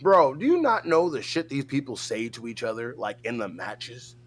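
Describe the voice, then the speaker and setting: A man's voice: medium pitch, moderate pace. A young man co-hosting a casual stream, joking and laughing between remarks. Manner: joking, laughs a lot, animated. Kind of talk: casual livestream chat.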